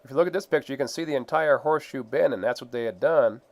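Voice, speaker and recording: A man's voice: mid-range voice, fast talker, dry recording. A man casually narrating his own gold prospecting photos, rambling with fillers and laughs. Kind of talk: casual storytelling.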